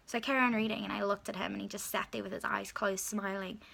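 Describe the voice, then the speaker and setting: Bright-voiced woman. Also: mid-range voice, steady tone, fast, vocal fry, slightly rough. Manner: chatty, lots of "like" and "you know". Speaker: vlogger. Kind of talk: personal storytelling.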